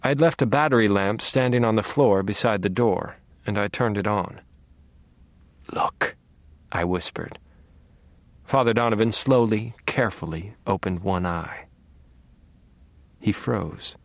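A man narrating a first-person audiobook in a quiet, measured, menacing way. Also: lowish voice, dry recording.

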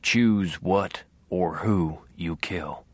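A man doing a soft-spoken ghostly father. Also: extremely slow, breathy edge, dry recording, heavily acted. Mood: hushed. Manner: soft, low whisper. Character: ghost of a stern, gentle father.

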